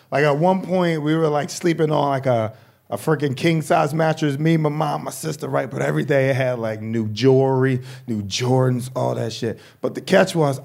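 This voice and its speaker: A male stand-up comedian doing a profane, animated routine, acting out quoted voices with shouts. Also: a little high, gravelly.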